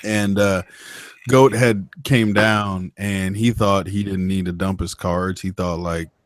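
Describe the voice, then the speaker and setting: A man with a somewhat low voice tells long, meandering stories in casual conversation. He swears freely and restarts his sentences often. The sound is dry and close, with no room around it. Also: steady tone, slow, dry recording. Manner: rambling, profane storyteller. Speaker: motovlogger. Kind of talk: casual chat.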